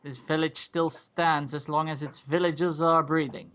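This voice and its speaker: A stern, proud dwarf guard in heavy armor, put on by a man running a tabletop game. He speaks in a haughty, challenging way and sits fairly high in pitch. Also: level tone, moderate pace, noisy background, close to an everyday voice.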